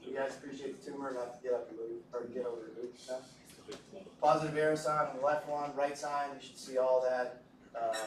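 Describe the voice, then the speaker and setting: A man giving a medical lecture to a class, casual and joking, often asking the students questions. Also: mid-range voice. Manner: jokey, conversational, asks the class questions. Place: lecture room. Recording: echoey room from a distance with faint noise.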